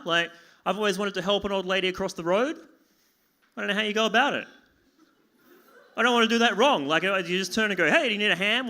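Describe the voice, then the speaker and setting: A man's voice: high voice, sharp tone. A young man performing a self-deprecating stand-up set in a pub, acting out conversations with sudden yelps and pleading. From Australia. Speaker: stand-up comedian. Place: small pub venue with live audience.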